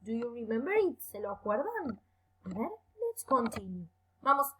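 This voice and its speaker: A young woman teaching English in a bilingual online lesson for children, encouraging and slowing down to stress key words. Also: a little high, slight background noise, low-quality recording. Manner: lively, encouraging, slow careful emphasis on words.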